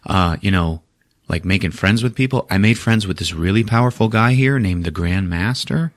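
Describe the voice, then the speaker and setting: A man's voice: low voice, normal speed, no room sound, studio quality, natural voice. A man doing a laid-back trickster god. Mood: dismissive. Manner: casual and dismissive.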